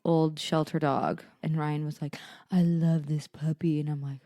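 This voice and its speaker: A woman co-hosting a podcast in casual chat, reacting with quick, blunt interjections and telling her own stories. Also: deep voice, little pitch movement, dark tone, no echo, studio quality. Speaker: podcast co-host.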